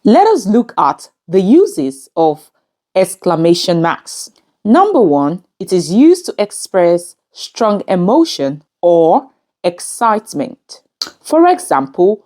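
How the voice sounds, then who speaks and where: A woman giving a scripted grammar lesson in a measured, instructive way. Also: fairly low pitch, huge pitch swings, dark tone. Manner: measured, instructive, reads examples aloud. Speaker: English teacher.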